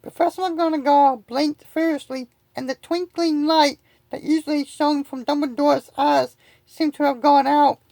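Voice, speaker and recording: A woman's voice: high-pitched, fairly even intonation, a little slow, creaky, darkish tone, no room sound, low-quality recording. A woman reading a storybook aloud as an amateur audiobook, often slipping and restarting words. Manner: reads with frequent slips and restarts. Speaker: reader.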